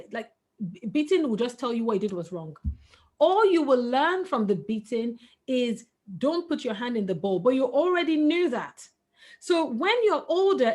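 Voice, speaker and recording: A middle-aged woman, a webinar guest speaker, giving parenting advice in an earnest, emphatic way. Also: a little high. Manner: earnest, emphatic, breaks into laughter.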